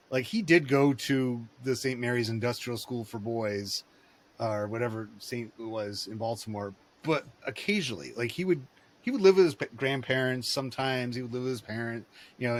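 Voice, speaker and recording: Man on a podcast; rambling, digressive storyteller; mid-pitched, conversational delivery. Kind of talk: casual podcast chat.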